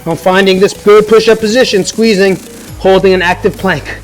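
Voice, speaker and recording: High-voiced upbeat fitness coach man. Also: moderate pace, soft background music, low-quality recording. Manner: upbeat, encouraging, joking. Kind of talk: home workout instruction. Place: at home.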